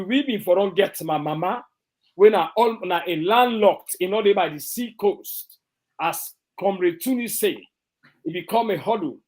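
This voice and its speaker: A man's voice: sits high, darkish tone. A man with a Sierra Leonean Krio accent, speaking as a party commentator on an online political talk show, emphatic and repeating his phrases. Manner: emphatic, repetitive, restarts phrases.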